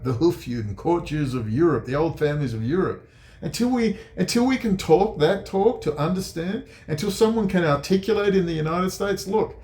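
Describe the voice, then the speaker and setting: In an echoey room, a man delivers sarcastic, profane ranting commentary that swings from low mutters to high, mocking outbursts. His voice is a little mellow.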